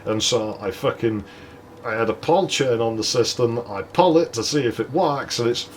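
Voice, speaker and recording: A man's voice: mid-range voice, moderate pace, a little hiss or hum. A man hosting a let's play, telling a story casually with lots of swearing and laughter. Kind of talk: casual gameplay commentary and storytelling.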